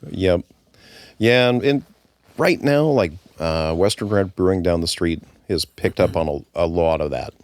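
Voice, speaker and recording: A man, a former brewery owner, talking casually as a guest in an interview, relaxed and halting with restarts. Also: sits low, dry recording. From United States.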